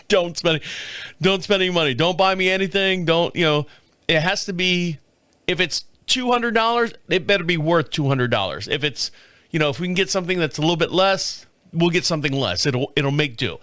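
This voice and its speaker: A man's voice: on the high side, animated, normal speed, fairly bright tone, no room sound. A middle-aged man hosting his own show, telling a rambling story to camera in casual chat and laughing often, recorded in a small home studio. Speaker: podcast host. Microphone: studio mic on camera.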